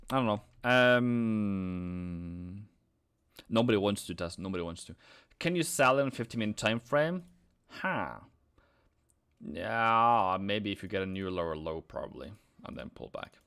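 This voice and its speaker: A man's voice: on the low side, big pitch swings, fairly bright tone, clean tone. A man hosting a live trading stream, talking through charts and joking with his viewers. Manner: joking banter, drawn-out chart talk.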